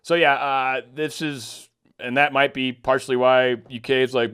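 A man's voice: mid-range voice, normal speed, a bit bright, clear, resonant tone. A man giving casual, sarcastic political commentary, ranting and mocking.

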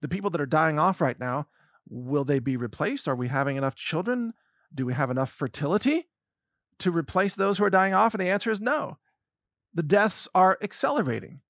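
High-voiced man in indignant monologue. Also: expressive, fairly bright tone, no room sound, clean studio sound. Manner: sarcastic, indignant, rapid-fire lists. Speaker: commentary host. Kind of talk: monologue commentary.

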